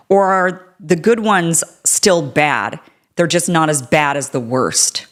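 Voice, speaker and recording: A woman host with a low voice, asking her guest questions. She talks in a casual, rambling way, full of "I mean" and "like.". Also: animated, normal speed. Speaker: show host. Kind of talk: political interview.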